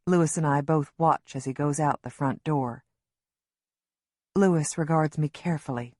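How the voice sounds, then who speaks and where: A woman narrating an audiobook in the first person as a worried mother, measured and emotionally engaged. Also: sits low, darkish tone, breathy edge, no echo, clean studio sound.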